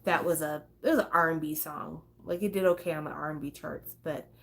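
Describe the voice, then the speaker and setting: A woman's voice: sits low, fairly even intonation, brisk, vocal fry, a bit bright. A woman hosting a casual talk stream, chatty and swearing, breaking into snatches of songs. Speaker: host. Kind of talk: casual chat.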